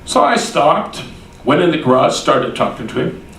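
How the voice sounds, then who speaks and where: A man's voice: on the high side, big pitch swings, moderate pace, fairly bright tone. A man preaching a sermon, telling a story in a folksy way and acting out what people said. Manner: folksy, repeats "he said" while acting out quoted voices. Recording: echoey room, distant mic.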